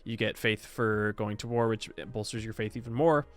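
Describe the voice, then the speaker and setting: A man's voice: on the low side, moderate pace, faint music behind. A man streaming live, chatting casually and reacting to his chat as he reviews a game patch, rambling and stop-start, sometimes insistent.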